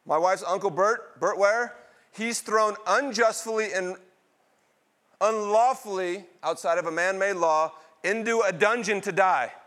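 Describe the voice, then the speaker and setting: A middle-aged male pastor preaching with a slightly high voice. He throws questions out to the congregation and answers them himself. He swings from loud, excited bursts down to low, hushed asides. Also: unhurried. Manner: call-and-response questions, dramatic swings in pitch and loudness. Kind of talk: sermon.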